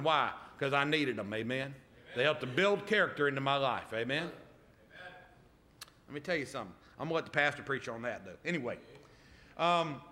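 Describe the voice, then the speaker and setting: A man's voice: medium pitch, lively intonation, brisk, bright, forceful tone. A middle-aged man preaching a sermon, often stopping to ask "amen?" of the congregation. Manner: emphatic call-and-response, repeated "amen?".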